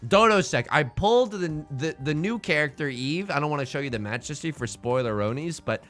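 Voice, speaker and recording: A man streaming a game and chatting casually with his viewers in a playful, self-mocking way. His voice sits slightly high and sounds bright and forceful, with wide, lively swings in pitch. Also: brisk, faint music behind. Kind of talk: casual live-stream gaming commentary.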